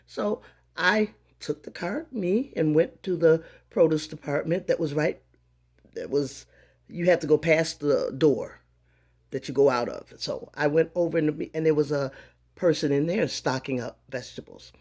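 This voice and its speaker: A woman in her fifties telling a story in a casual vlog, animated and acting out the dialogue of the people in it. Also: low voice, unhurried, slightly rough. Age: 50s. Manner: animated, acts out dialogue in voices. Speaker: vlogger.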